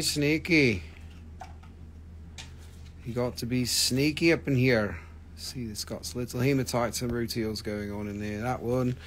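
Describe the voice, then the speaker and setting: A man's voice: mid-range voice, slight background noise. A man running a live online gem sale, chatting casually, joking, rambling and swearing as he shows the stones. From United States. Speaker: live-stream gem seller. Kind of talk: casual live sales chat.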